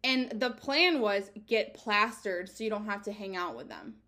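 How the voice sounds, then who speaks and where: A woman's voice: mid-range voice, normal speed, bright, forceful tone. A woman in her twenties hosting her own podcast, talking candidly in a chatty, casual monologue full of "like" fillers and casual swearing. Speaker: podcast host.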